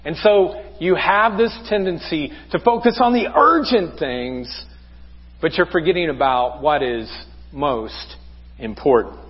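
High-voiced husky pastor preaching. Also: male voice, animated, a little slow, long reverb tail, highs cut off. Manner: conversational preaching with rhetorical questions. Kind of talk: sermon. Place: church sanctuary.

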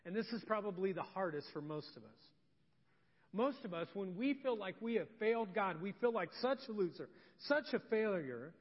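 A man with a high voice preaches to his congregation, telling stories and swinging from loud to soft, confiding tones. His sermon rings through a church sanctuary with a long reverb tail, and the sound is dull and muffled. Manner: storytelling, shifting from loud to soft and intimate. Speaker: pastor.

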